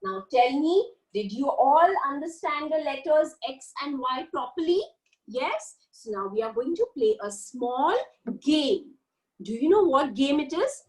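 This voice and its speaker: A woman with a high voice teaching small children, her pitch swinging widely as she coaxes them along. She stretches out syllables in a slow, sing-song delivery. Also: expressive, darkish tone, low-quality recording. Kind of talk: online kindergarten lesson.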